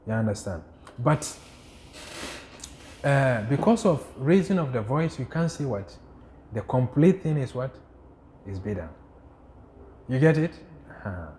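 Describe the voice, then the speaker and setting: An Islamic studies teacher leads a class on religion, repeatedly asking rhetorical "what?" questions, answering them himself, and reciting Arabic quotations quickly. His voice is medium-pitched with a dark tone, and there's a little hiss or hum.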